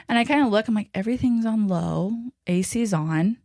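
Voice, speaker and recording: A young woman hosting a podcast, telling a story in a casual, animated way and acting out the lines she quotes. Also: brisk, few pauses, no echo, studio quality. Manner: animated, acts out quoted lines with big pitch jumps. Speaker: podcast host.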